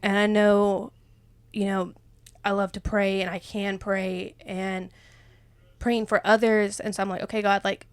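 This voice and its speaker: A woman's voice: medium pitch, level tone, a little slow, clean tone, no room sound. Young woman, emotional rambly faith chat, dry close sound, laughs a lot. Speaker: podcast co-host.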